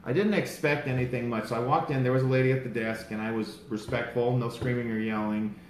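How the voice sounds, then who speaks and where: A man excitedly recounting his day to a small group, rambling and growing heated as he goes. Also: medium pitch, quick pace. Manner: excited, rambling, grows louder and more heated. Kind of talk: casual storytelling to a small group. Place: outdoors in a city, among supporters. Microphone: handheld phone held by a bystander. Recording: echoey with background noise.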